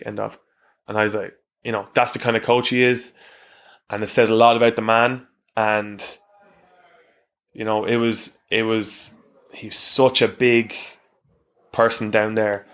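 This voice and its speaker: Speaking at a normal pace in a level, lowish voice with a fairly bright tone, an Irish man in his thirties talks as a guest on a casual interview. A professional rugby player, he trades frank stories, swearing and laughing as he goes.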